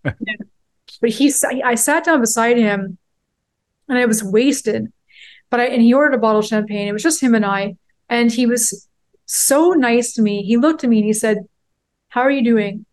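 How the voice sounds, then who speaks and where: Telling a heartfelt personal story in a candid interview, this podcast guest, a woman in her forties, rambles and uses lots of fillers. She speaks at a normal speed in a fairly high voice, with long pauses.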